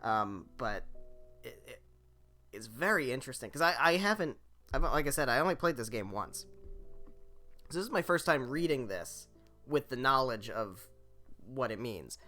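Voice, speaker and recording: A man's voice: mid-range voice, lively intonation, moderate pace, pauses often, sharp tone, faint music behind. Male streamer reading game text aloud. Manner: reactive, swearing asides. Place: home streaming setup.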